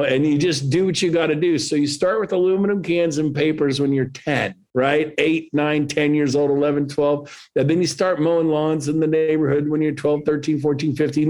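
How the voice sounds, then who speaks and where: A man in his fifties telling lively, jokey stories as a guest on a podcast interview, acting out quotes in other voices. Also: fairly high pitch. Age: 50s. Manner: animated, jokey storyteller who acts out quotes in other voices. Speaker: podcast guest, real estate agent.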